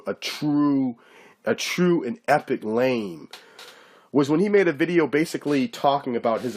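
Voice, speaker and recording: A man giving a casual, profane ranting commentary to camera, mocking his target and often asking if you get what he's saying. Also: a little high. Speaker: YouTube commentator.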